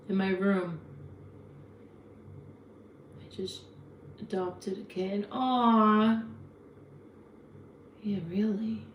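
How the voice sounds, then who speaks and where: A woman's voice: medium pitch, fairly bright tone. Talkative Jersey woman in her fifties hosting a live chat, frank and leisurely, roomy home sound. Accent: New Jersey. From New Jersey. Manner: chatty, frank, talks back to viewer comments. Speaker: livestream host. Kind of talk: casual live chat reading comments.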